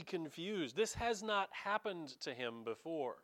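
A man preaching a conversational sermon as pastor, animated and dramatizing, talking straight to his congregation. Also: a little high, measured pace.

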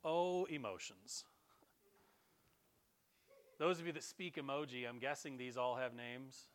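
A man's voice: medium pitch, a little slow. A middle-aged man preaching a conversational sermon to his congregation in a church, quoting scripture with feeling. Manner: animated, conversational preaching, quotes scripture in a raised voice. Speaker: pastor. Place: church sanctuary.

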